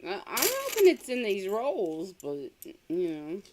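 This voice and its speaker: A woman co-hosting a livestream in casual chat, halting and often repeating words. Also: mid-range voice. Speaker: co-host. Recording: clear steady background noise.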